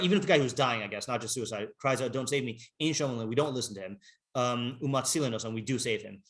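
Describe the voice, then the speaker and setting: Rabbi guy teaching a text class, lots of um and like, reads hebrew then translates, regular pitch. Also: a bit bright. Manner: rambling, halting, many fillers and restarts; reads Hebrew and Aramaic passages aloud and translates. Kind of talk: informal study class.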